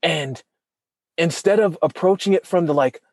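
Speaking at a moderate pace on a recording with no room sound, a man tells a personal story with feeling during casual conversation. He brings people's words to life, acting them out with sharp pitch jumps.

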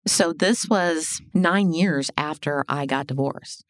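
A middle-aged woman telling her life story as a podcast guest, animated and blunt, swearing and acting out what people said. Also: low-pitched, takes it slowly, dry recording, clean studio sound. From Illinois. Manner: animated, swearing, acts out quoted dialogue. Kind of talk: casual storytelling interview.

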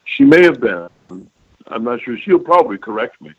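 Speaking at a normal pace with medium pitch and lively intonation, an older man recalls his past as a guest in an interview. He's a voice actor whose stories ramble and land with emphasis, and he regularly checks in with his listener, all captured on a lo-fi phone line.

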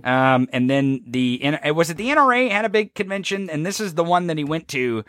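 Animated, profane man in dry sound. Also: on the high side, brisk, no echo. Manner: animated, profane, frequent restarts. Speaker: podcast co-host. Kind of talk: casual political commentary.

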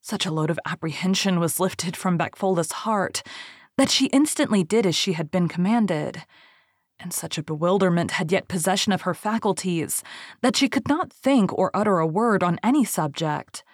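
A woman narrating a storybook in a measured, literary way. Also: fairly low pitch, lively intonation, husky, no echo, clean studio sound. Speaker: reader.

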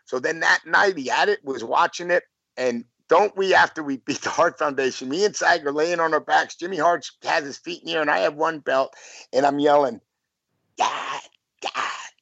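A man's voice: fairly high pitch, a little fast, gravelly, fairly bright tone, no echo. A man in his fifties, a former wrestler, tells rambling stories in a casual interview, full of restarts and "you know". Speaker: guest, former pro wrestler. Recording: dull lo-fi, dry sound.

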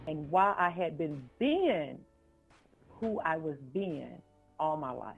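A woman, an author and life coach, telling a personal story in a podcast interview, slow and earnest, repeating phrases for weight. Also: deep voice, very animated, gravelly, slightly rough. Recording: phone-like line with faint music.

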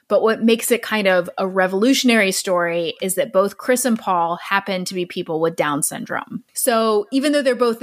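A woman hosting a podcast, telling a true story in a chatty, earnest way and laughing easily. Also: medium pitch.

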